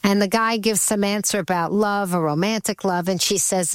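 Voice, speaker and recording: A chatty woman hosting a radio talk show, her voice at a middle pitch and close on a dry studio mic. She talks in a loose, conversational way, full of quick asides. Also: fairly even intonation, no echo.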